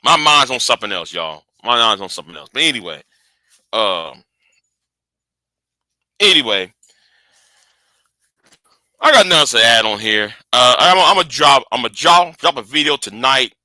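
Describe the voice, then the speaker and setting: This is a man in his early forties who rambles casually to his viewers from home, repeating words as he goes. His voice has a very bright tone. The sound is dry and close, with almost no room echo. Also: mid-range voice, big pitch swings, moderate pace, long pauses. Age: early 40s. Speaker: channel host. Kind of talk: casual livestream chat with viewers.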